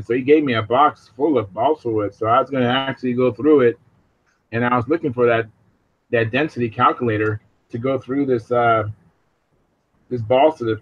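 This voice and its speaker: A man's voice: mid-range voice, dry recording, highs cut off. A man hosting a casual video hangout, talking in a rambling way with many fillers over a video call. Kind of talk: casual chat.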